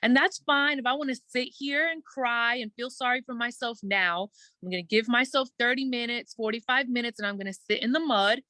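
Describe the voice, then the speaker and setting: Woman guest chatting in an interview, crisp bright voice, dry close sound, lots of "like". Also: a little high, no room sound. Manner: earnest, fast storytelling with quoted self-talk and many "like" fillers. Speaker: guest entertainer. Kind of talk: casual interview conversation.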